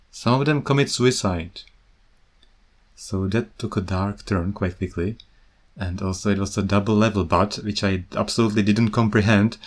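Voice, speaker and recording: A Czech man hosting a podcast, talking casually and with amusement about teaching English, laughing often. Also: lowish voice. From Czech Republic. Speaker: podcast host.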